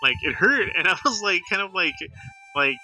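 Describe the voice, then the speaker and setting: A man's voice: sits high, very animated, moderate pace, bright, forceful tone, poor audio. A young man co-hosting a podcast in casual chat, talking in a teasing way and often stumbling through restarts. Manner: chatty, teasing, stammers on restarts. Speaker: podcast co-host.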